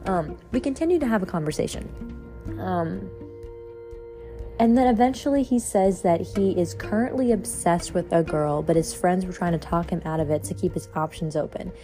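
With music in the background, this young podcast host speaks at a normal pace in a fairly low voice. She animatedly recounts a dating story, casual and exasperated, cursing along the way.

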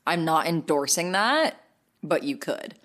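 Crude, laughing young woman co-host. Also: unhurried. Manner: crude, animated, laughs often, jumps into high put-on quotes. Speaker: podcast co-host. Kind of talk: casual comedic chat.

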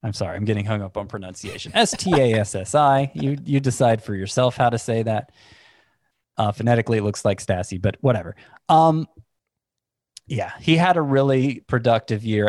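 A man talks through his picks in casual podcast chat, stopping and restarting as he thinks. His voice sits low, and the sound is dry and close with no room around it. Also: a little mellow, dry recording. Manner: thinking aloud, restarts, second-guesses himself. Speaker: fantasy baseball analyst.

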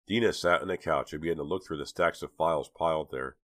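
Low male narrator, measured horror-thriller read, dry booth sound. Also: fairly bright tone, dry recording. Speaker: audiobook narrator. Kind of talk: scripted narration.

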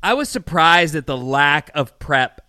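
A man's voice: a little high, big pitch swings, unhurried, bright, forceful tone, clear, resonant tone, no room sound, studio quality. A man co-hosting a radio talk show, bantering and telling stories in a wry, casual way.

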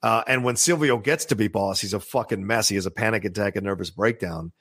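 A man in casual podcast talk about mob films, animated and quick to laugh. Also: fairly low pitch, husky. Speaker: podcast co-host. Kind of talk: casual film discussion.

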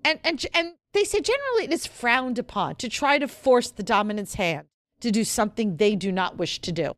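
A woman's voice: a little high, lively intonation, a little fast, fairly bright tone, no echo, studio quality. A woman in her late fifties co-hosting a podcast in casual chat, tired and slap-happy, laughing often. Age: 50s. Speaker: podcast co-host. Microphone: studio mic.

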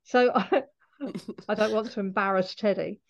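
A woman's voice: mid-range voice, steady tone, moderate pace, creaky. Scottish woman guest, chatty, laughs easily, slightly dull lo-fi audio. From Scotland. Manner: chatty, laughs often, explains at length. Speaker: animal communicator guest. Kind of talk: interview conversation.

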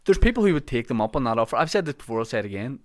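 A man's voice: mid-range voice, sing-song, very fast, dry recording, studio quality. A man hosting a podcast in casual chat, joking and laughing easily. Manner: laughs easily, jokey asides. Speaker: podcast host.

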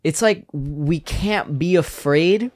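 A young man co-hosting a casual faith podcast, speaking earnestly and reflectively. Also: a little high. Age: young adult. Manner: earnest, reflective, quick to affirm. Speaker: podcast co-host.

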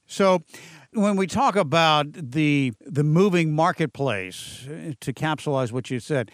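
A man's voice: a little high, measured pace, no room sound. A man with a slightly raised voice hosts a business podcast interview. He talks in a folksy, upbeat way full of colorful phrases. The sound is dry and close, with no room around it. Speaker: podcast host.

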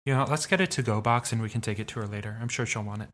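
A man's voice: lowish voice, racing, a bit bright. Easygoing man playing a tabletop game. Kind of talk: casual in-character play.

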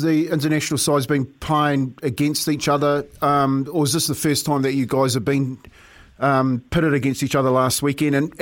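A man co-hosting a radio show, jokey and animated with lots of laughs. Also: on the high side. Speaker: radio co-host. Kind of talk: casual radio banter.

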